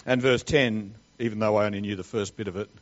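A man preaching a sermon, swinging between loud emphatic declarations and quiet asides. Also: fairly low pitch, steady tone, fast, lo-fi sound.

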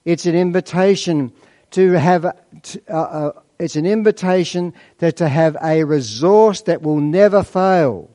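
A man preaching a sermon, asking rhetorical questions and slowing down to stress key points. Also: fairly high pitch, warm tone.

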